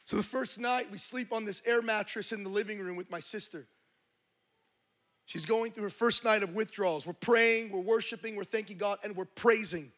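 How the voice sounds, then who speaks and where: A man with a high, fairly bright voice preaches a sermon to a congregation at normal speed. He tells a story with passion, quoting the people in it.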